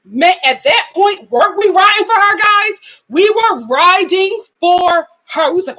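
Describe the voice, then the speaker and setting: A woman hosting a live reality TV aftershow, talking in animated commentary and mimicking people in whiny voices. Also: very high-pitched, measured pace, rough recording.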